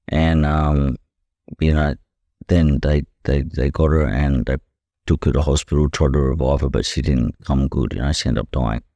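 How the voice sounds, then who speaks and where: Very deep-voiced, blunt Australian man. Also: warm tone, no room sound, clean studio sound. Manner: blunt and profane, leans heavily on "you know". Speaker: podcast guest, professional boxer. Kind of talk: candid conversational storytelling.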